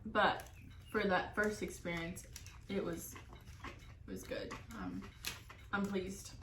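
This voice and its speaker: A woman's voice: on the low side, big pitch swings, slow, fairly bright tone. Easygoing woman eating and chatting, echoey room, bit of hiss. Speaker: co-host of a food vlog. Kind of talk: casual mukbang chat while eating. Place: indoors at a table, eating. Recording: echoey room with faint noise.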